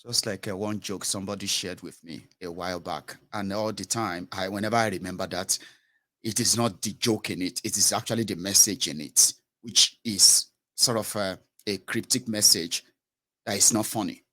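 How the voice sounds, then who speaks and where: A man's voice: low voice, fairly even intonation, bright, forceful tone. Blunt man giving commentary. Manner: blunt, moralizing, with many filler pauses. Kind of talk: political commentary monologue.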